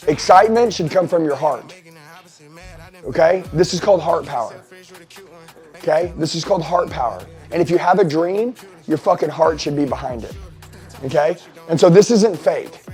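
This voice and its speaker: A foul-mouthed man with a fairly high voice fires up a mastermind group in a seminar. He swings from hushed asides to loud, punchy bursts, and faint music plays underneath. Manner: profane, intense, swinging between shouting and hushed asides. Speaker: sales coach addressing a mastermind group. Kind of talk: motivational seminar talk. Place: seminar room.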